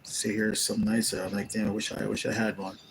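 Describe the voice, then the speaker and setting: Man, live-stream host, low pitch, gravelly, rambling storyteller, casual chat. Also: little pitch movement, fast, a little hiss or hum, rough recording. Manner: rambling, storytelling, retells conversations. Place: rehab care facility room.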